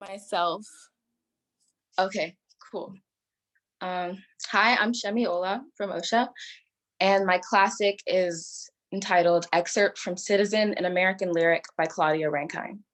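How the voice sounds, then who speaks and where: A teenage girl performing spoken-word poetry at a youth slam. She reads unhurriedly and deliberately, letting each phrase sit, at a mid-range pitch. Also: fairly even intonation, poor audio. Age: teens. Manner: slow, deliberate delivery.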